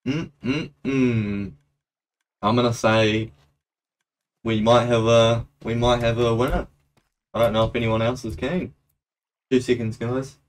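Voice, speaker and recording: A man's voice: mid-range voice, level tone, unhurried, long pauses. A young man chatting casually while live-streaming a game, laughing often and breaking into playful auctioneer calls. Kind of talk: live gameplay stream commentary.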